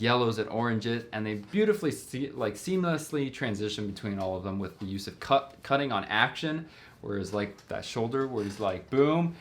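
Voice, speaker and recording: A man's voice: lowish voice, fairly bright tone. A young man giving casual reaction commentary as a filmmaker, rambling enthusiastically with lots of fillers, his voice a bit worn from talking. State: slightly worn voice from long talking. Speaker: filmmaker reacting to music videos.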